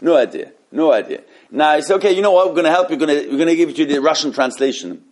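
A man leads a relaxed Torah class. His voice sits a little high, and he talks animatedly, often restarting mid-sentence. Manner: animated, halting with many restarts.

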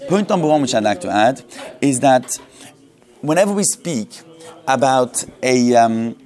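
A man's voice: medium pitch, lively intonation, a little slow, darkish tone, faint music behind. A man giving a Jewish law lesson with Ashkenazi Hebrew pronunciation, often restarting words and asking rhetorical questions. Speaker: Torah teacher. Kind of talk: halacha class lecture.

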